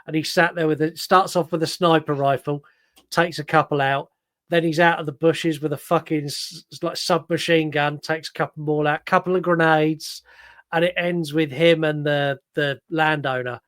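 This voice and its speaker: Casting: male podcast co-host, slightly high voice, dry close sound, eager scene-by-scene recaps. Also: steady tone, normal speed, a bit bright, no room sound. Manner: enthusiastic, recounts scenes step by step with fillers. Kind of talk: casual film-review chat.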